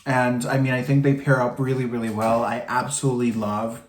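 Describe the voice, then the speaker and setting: Male makeup vlogger, campy and expressive, mid-pitched, recorded in a roomy space. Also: fairly quick. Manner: animated and campy, swooping pitch, calls people girl and honey. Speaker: makeup vlogger demonstrating products. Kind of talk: casual chat while doing makeup. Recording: echoey room.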